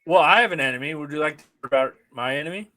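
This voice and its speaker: Bright-voiced man, profane teasing. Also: on the high side, very fast, no echo. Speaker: podcast co-host. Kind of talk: casual chat.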